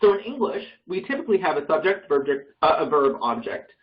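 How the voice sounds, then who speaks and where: A man teaches a group over a video call in a somewhat high voice. He explains loosely, full of ums, likes and restarts, and often corrects himself mid-sentence. The sound is a little dull and muffled. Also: big pitch swings, brisk, distant mic. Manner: hesitant, with many fillers and self-corrections. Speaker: Bible study teacher. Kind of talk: casual online class explanation.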